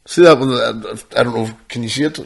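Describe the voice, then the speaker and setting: A man, co-hosting a podcast and telling a story in an exasperated, animated way with plenty of swearing. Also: medium pitch, a little fast, creaky. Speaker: podcast co-host. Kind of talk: casual chat.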